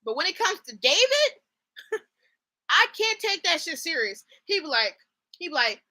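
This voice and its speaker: A young woman chatting through a TV show in a casual vlog, with a high voice and a very bright, sharp tone. She's animated and slangy, laughs a lot, and keeps breaking into mock accents. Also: takes it slowly, long pauses. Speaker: host.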